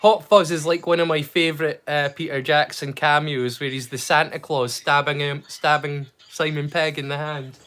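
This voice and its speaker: A man's voice: a little high, little pitch movement, normal speed, few pauses, a bit bright. A man, chatting casually and rambling as he hosts a movie watch-along livestream. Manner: chatty, rambling, self-correcting. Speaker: livestream host.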